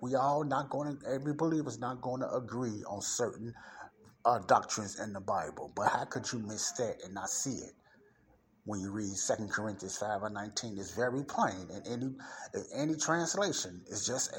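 A man from Chicago with a Chicago accent, teaching the Bible on a podcast in an emphatic, repetitive preaching style. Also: on the low side. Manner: emphatic, repeats key points, punches up stressed words.

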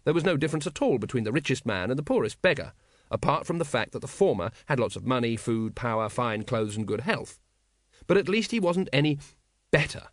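Male audiobook narrator, wry and expressive, lively pitch, dry recording. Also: dry recording. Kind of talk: scripted narration.

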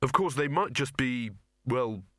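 A man voicing an earnest young man who explains things haltingly. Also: mid-range voice, lively intonation, fairly bright tone, no echo, studio quality.

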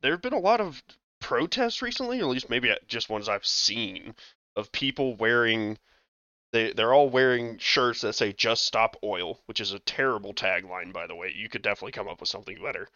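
A man's voice: lowish voice, expressive, a little fast, pushed and bright, dry recording, lo-fi sound. Rambling, laughing male podcast host. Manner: rambling, laughing, swearing, many fillers. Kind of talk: casual podcast banter.

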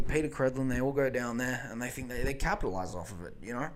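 A man's voice: medium pitch, quick pace, noisy background. A man hosting a podcast, giving casual political commentary in a rambling, profane rant full of fillers and restarts. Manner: profane, rambling, animated rants with many fillers. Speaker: podcast host.

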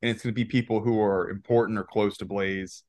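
Guy co-hosting a movie podcast, kinda low voice, rambles and laughs a lot, dry close mic. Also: steady tone, fairly quick, darkish tone, dry recording. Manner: rambling, laughs often, many restarts. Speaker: podcast co-host. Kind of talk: casual movie-review chat.

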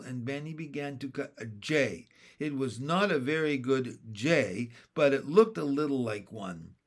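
A man narrating a children's chapter book in a steady, plain read-aloud manner. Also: medium pitch. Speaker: audiobook reader.

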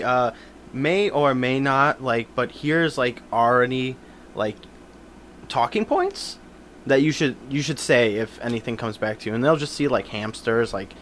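A man's voice: mid-range voice, fairly bright tone, a little hiss or hum. A man co-hosting a casual podcast chat, rambling with lots of fillers and sitting back from the microphone. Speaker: podcast co-host. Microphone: sits back from the microphone.

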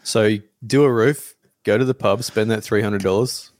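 A man's voice: on the low side, steady tone, moderate pace, a little mellow, no echo, studio quality. Laid-back man. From Australia. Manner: laid-back, offhand, swears casually. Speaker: podcast co-host. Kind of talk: casual chat.

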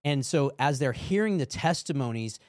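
A man's voice: mid-range voice, animated, moderate pace, no echo, studio quality. Earnest man telling ministry stories. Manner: earnest storytelling with fillers. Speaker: podcast guest, minister and father. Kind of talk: casual Christian podcast talk.

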